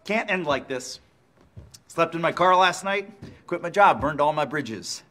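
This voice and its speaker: An actor playing a desperate, goofy wannabe singer who pleads and hams it up. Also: male voice, a little high, expressive, a little slow, a bit bright. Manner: pleading, hammy. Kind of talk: sitcom acting with singing.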